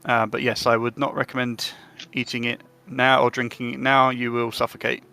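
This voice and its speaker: A man's voice: medium pitch, little pitch movement, moderate pace, gravelly, bright, forceful tone. A man voicing a polite, helpful male official who rambles with many hesitations in a tabletop game. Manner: hesitant, full of fillers.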